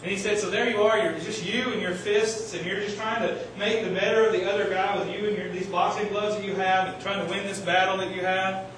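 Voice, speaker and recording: Male pastor preaching with animated storytelling, high voice, recorded from across a very echoey church hall. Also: a little fast, few pauses, distant mic, slight background noise. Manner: animated storytelling, shouting quoted lines. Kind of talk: sermon. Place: church sanctuary.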